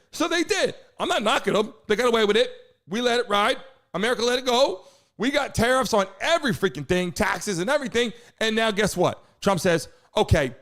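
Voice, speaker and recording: A man's voice: sits high, fairly bright tone. A man from New Jersey hosting a live political talk show, ranting in an indignant, profane way. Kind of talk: heated live-stream commentary.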